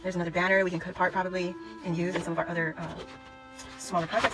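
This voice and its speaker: A woman excitedly chatting through a scrapbooking haul, gushing and squealing with delight. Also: on the low side, racing, low-quality recording. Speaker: scrapbooking vlogger. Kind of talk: excited haul video chat. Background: background music.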